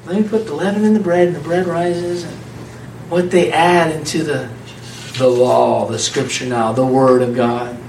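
A man's voice: a little high, normal speed, a little hiss or hum. Guy preaching loose and chatty, echoey room, mic kinda far off. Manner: conversational, animated, laughs often. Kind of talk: informal sermon to a small group.

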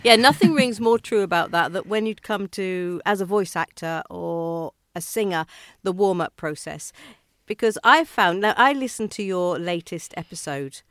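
Halting podcast host. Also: medium pitch, fairly bright tone, dry recording, clean studio sound. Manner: halting, repeats words, many fillers. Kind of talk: interview questions and chat.

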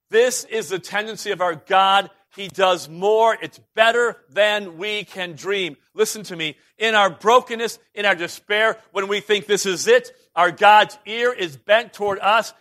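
A man preaching a sermon, emphatic, swinging between loud, urgent passages and hushed ones. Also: high-pitched.

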